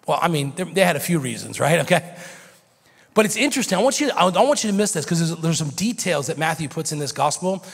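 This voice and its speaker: An American pastor in his forties preaching a sermon, swinging from shouted intensity to a hushed near-whisper. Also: a little high, animated, fast talker, creaky, breathy edge. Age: 40s. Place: church sanctuary. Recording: reverberant church sanctuary.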